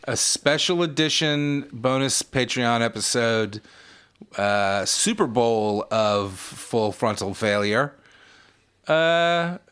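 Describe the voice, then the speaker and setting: A man's voice: medium pitch, animated, slow, fairly bright tone, clear, resonant tone. A man co-hosting a casual podcast, raising blunt, grumbling objections. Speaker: podcast co-host.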